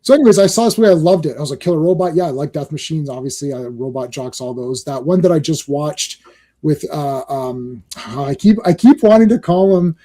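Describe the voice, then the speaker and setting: A man's voice: fairly high pitch, animated, brisk, mellow. A man hosting a podcast in casual chat, rambling and enthusiastic, often laughing. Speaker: podcast host.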